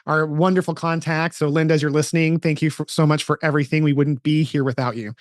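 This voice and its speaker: A man's voice: fairly high pitch, little pitch movement, fast, no echo, clean studio sound. A middle-aged man, a podcast host, telling a personal story earnestly in casual interview chat, often restarting his sentences.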